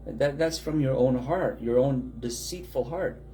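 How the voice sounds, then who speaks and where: A man's voice: mid-range voice, unhurried, mellow. A man preaching a sermon in a conversational way, with many rhetorical questions and acted-out quotes.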